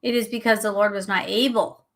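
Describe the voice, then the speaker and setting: A middle-aged woman hosting a show, teaching a Bible study in a conversational, animated way and laughing at herself now and then. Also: mid-range voice, brisk. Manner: animated, chatty, acts out quotes, laughs at herself.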